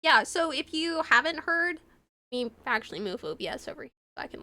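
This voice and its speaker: A young woman streamer who reads a game's text aloud and chats with her viewers, gushing and excitable between the readings. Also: high voice, a little fast, no room sound.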